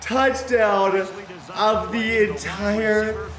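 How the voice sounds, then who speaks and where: A young man giving excitable commentary while playing a football video game, often bursting into loud shouts over big plays. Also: high-pitched, drawn-out words. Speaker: gaming YouTuber. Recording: echoey room with game music behind.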